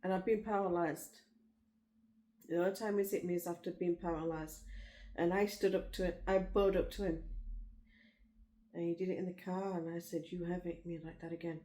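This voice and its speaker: A woman's voice: fairly low pitch, fairly even intonation, moderate pace, long pauses, mellow. A woman from Liverpool with a Liverpool accent, telling frank, rambling stories about her life in casual chat. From Liverpool, England. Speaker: vlogger. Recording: roomy echo.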